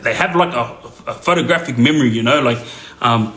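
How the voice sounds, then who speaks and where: A man's voice: mid-range voice, a little fast, a bit bright, echoey room, rough recording. An Australian man casually telling a story to his viewers, rambling with lots of fillers. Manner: rambling with many fillers and restarts.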